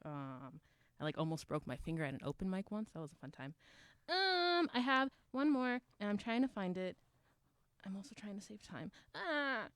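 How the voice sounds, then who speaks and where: A woman's voice: mid-range voice, sing-song, moderate pace, clean tone, no echo. A young adult woman performing spoken word poetry at an open mic, with rhythmic, emphatic delivery and call and response with the crowd.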